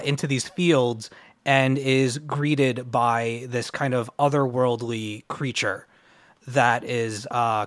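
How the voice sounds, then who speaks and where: A man's voice: mid-range voice, a bit bright, no room sound. Guy rambling on a podcast, laughs at himself a lot, dry close mic. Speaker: podcast co-host. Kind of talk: casual chat.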